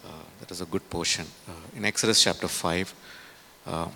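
A man's voice: sits low, normal speed, gravelly, bright, forceful tone, a little hiss or hum. A man preaching a sermon in a conversational way, with many fillers and tag questions.

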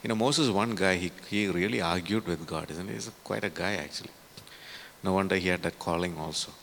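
Gravelly low-voiced male preacher. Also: fairly quick, a bit bright, a little hiss or hum. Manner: conversational, many fillers and tag questions. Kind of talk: sermon.

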